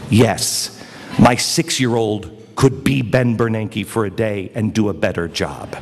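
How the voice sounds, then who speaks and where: A man giving an emphatic political speech at a conference, his voice swinging between quiet and loud. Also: fairly low pitch, a little slow. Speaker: speaker. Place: conference hall. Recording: reverberant hall, faint noise.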